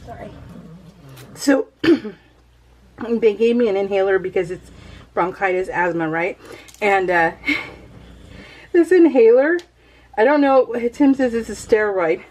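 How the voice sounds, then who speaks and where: A woman's voice: mid-range voice, lively intonation, takes it slowly, pauses often, darkish tone. A woman from Northern California chatting casually over her crafting video, rambling to her viewers and giggling often between phrases. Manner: rambling, talks straight to viewers. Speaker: crafting vlogger.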